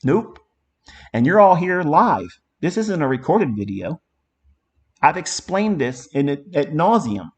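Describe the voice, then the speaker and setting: A man's voice: a little high, very animated, unhurried, muffled recording. A middle-aged man teaching a live trading lesson in an emphatic, profane way, with a lot of repetition. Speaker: trading mentor.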